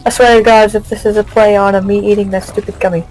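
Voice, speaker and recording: Woman talking fast, exasperated, faint game music behind. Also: medium pitch, level tone, a little mellow, low-quality recording. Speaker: player. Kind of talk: casual chat.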